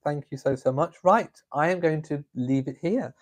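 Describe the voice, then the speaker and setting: An English vlog host with a slightly high voice at a normal pace streams casually from home with a coffee. He reads viewer comments aloud and chats in a camp, playful fashion.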